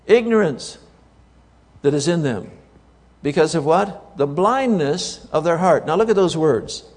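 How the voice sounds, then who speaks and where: A man's voice: fairly high pitch, long reverb tail. A man preaching a sermon to a congregation, emphatic, repeating key words and asking the audience rhetorical questions.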